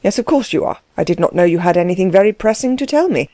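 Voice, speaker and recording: A woman voicing a composed aristocratic landowner, speaking in a measured, coolly condescending way. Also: lowish voice, lively intonation, warm tone, no echo, lightly acted. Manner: cool, measured, dry.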